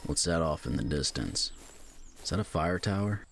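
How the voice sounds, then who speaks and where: An actor voicing a gruff, weary male forest ranger in a video game, muttering in a matter-of-fact way with a gravelly voice. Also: a bass voice, expressive, moderate pace, no room sound, full character voice. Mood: curious.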